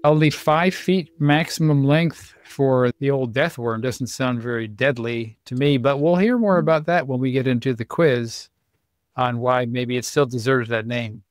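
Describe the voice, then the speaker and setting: A man's voice: medium pitch, normal speed, dry recording. A man hosting a podcast in casual chat, with dry, wry humor. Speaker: podcast host.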